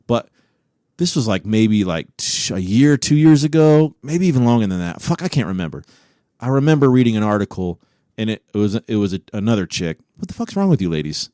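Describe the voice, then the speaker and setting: Foul-mouthed, animated man telling a story. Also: no echo, studio quality. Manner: profane, animated storytelling, shouts quoted lines in a high voice. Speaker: podcast co-host. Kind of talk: crude casual podcast chat.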